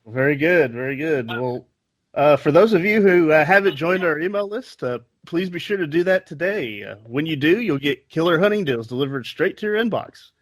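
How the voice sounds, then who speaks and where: A man hosting a podcast, friendly and quick to laugh, with folksy greetings. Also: on the high side, lively intonation, no echo. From Texas. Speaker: podcast host. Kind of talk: casual chat and host reads.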